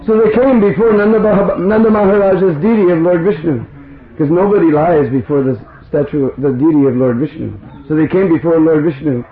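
A man's voice: fairly high pitch, a little fast. Man telling stories to a crowd, tinny. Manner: lively storyteller, chuckles between lines. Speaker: spiritual speaker. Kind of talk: storytelling talk to a seated audience. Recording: roomy, tinny phone-like audience recording.

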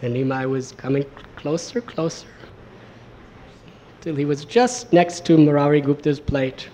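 A man telling a devotional story as a sermon, in an animated manner with many repetitions. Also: fairly high pitch, unhurried, a little hiss or hum. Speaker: storyteller, preacher.

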